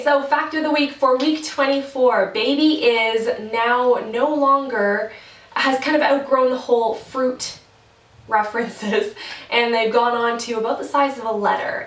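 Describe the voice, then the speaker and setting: A young woman vlogging in a casual, rambling way, with lots of "like" fillers and frequent laughs. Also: mid-range voice. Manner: chatty and rambling, many "like" fillers, laughs often. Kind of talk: casual vlog chat. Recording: roomy, from a distance from the mic.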